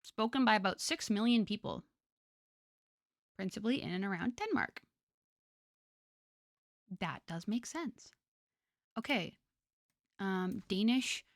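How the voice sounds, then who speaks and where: A woman's voice: medium pitch, lively intonation, takes it slowly, vocal fry, long pauses, no echo, clean studio sound. A young woman streamer chatting casually with her viewers, rambling with lots of fillers and frequent laughter.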